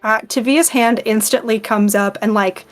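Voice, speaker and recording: A woman's voice: a little high, steady tone, moderate pace, soft background music. A woman running a tabletop game, narrating loosely with many fillers. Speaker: game master.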